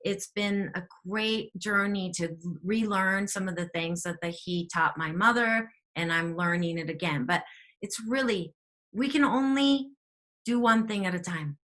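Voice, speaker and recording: A woman co-hosting a spiritual talk show, telling stories in a chatty, animated way. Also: mid-range voice, measured pace. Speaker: podcast co-host, teacher.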